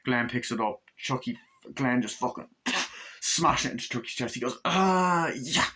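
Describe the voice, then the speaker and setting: A man recapping a movie scene by scene in a casual, rambling way, leaning on fillers as he goes. His voice is bright and forceful at a medium pitch. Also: steady tone, normal speed, breathy edge. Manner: rambling retelling with many fillers. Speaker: movie reviewer.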